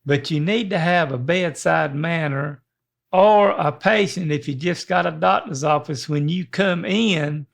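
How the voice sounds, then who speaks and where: Here the older co-host's voice is a little high and a little slow, with noticeable vocal fry. He keeps the podcast chat casual, rambling and folksy, frequently starting over mid-thought.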